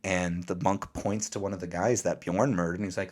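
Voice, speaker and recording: Deep-voiced man recapping with voiced quotes. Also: steady tone, a little mellow. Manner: retells scenes with quick voiced quotes. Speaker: podcast co-host. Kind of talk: casual chat recapping an anime.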